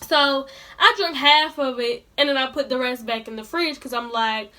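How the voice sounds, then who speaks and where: High bright indignant young woman vlogger. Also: normal speed. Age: young adult. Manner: animated, indignant ranting; colloquial, talks straight to viewers. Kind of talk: storytime vlog.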